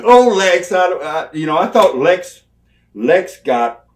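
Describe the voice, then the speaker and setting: An older man, telling animated, folksy stories as an interview guest and laughing along the way. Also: high voice, takes it slowly. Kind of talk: storytelling in a sit-down interview.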